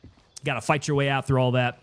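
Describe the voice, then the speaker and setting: A man casually commenting while he plays a game and chats with viewers, relaxed and sometimes winded. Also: mid-range voice, fast, slight background noise. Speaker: gaming streamer.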